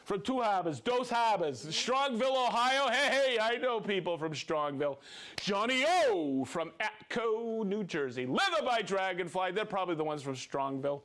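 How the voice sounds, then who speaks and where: A man hosting a livestream reads out viewers' names and hometowns, cheering upbeat and adding chatty asides. His voice sits high with a sing-song, slightly bright quality at a moderate pace.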